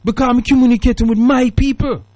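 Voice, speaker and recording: A man's voice: very high-pitched, steady tone, quick pace, a little mellow, dry recording. A man with a British accent strongly tinged with Jamaican Patois, hosting a call-in radio talk show in an emphatic, preachy manner. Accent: Jamaican Patois-tinged British English. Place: radio studio.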